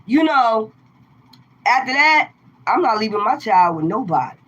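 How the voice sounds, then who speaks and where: A woman's voice: on the high side, unhurried. Woman telling a story, dull lo-fi sound. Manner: emphatic, animated, conversational. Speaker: tarot reader. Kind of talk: casual storytelling to viewers.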